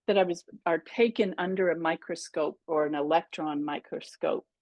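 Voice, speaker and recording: On a dry recording, a middle-aged woman with a medium-pitched, slightly mellow voice teaches a pastel painting workshop via video call. She chats and reasons aloud while working through the live demonstration.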